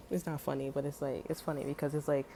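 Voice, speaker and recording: A woman's voice: deep voice, warm tone, slight background noise. A woman telling a story in a casual, heated monologue, swearing often and filling her talk with "you know" and "like". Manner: heated, profane, many fillers.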